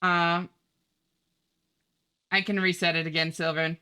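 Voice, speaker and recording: A woman's voice: on the low side, level tone, a little slow, sharp tone, clear, resonant tone. A young woman game streamer chatting casually with her live audience and laughing often. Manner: chatty, reads chat aloud, laughs often.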